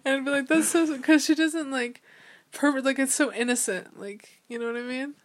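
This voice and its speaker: Giggly, animated young woman, slightly high voice. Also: brisk. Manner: giggly, animated storyteller who acts out quotes. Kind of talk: casual chat.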